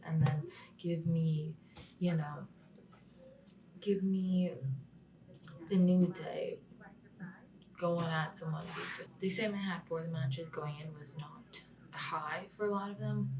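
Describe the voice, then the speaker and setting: A young woman with a deep voice recaps things in a casual wrestling vlog, chatty and full of "like," often dropping to a whisper and swearing. The audio is poor and recorded from a distance.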